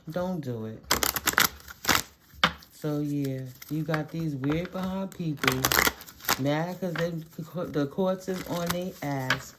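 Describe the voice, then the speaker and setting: A woman's voice: deep voice, darkish tone, slight background noise. A woman talking casually to her audience as a spiritual reader, blunt, profane and emphatic, laughing often. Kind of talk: casual monologue.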